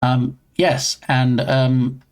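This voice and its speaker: A man talking over his live stream in a loose, rambling way, often stopping to greet viewers by name. His voice sits at an ordinary middle pitch. He sounds relaxed and chatty. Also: very slow, clear, resonant tone. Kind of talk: casual live-stream chat.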